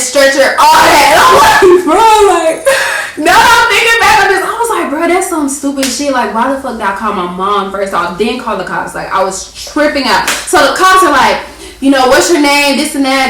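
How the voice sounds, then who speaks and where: A young woman vlogger telling a story in a casual, animated way, full of slang and laughter, recorded on a camera mic. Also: fairly high pitch, heavy reverb, noisy background.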